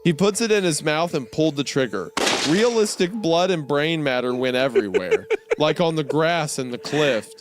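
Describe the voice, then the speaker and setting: A man's voice: on the high side, animated, normal speed, few pauses, background noise. A young man on a comedy podcast, reading a creepy story aloud and often laughing partway through his sentences. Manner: laughs often, breaks into giggles mid-sentence. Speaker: podcast co-host.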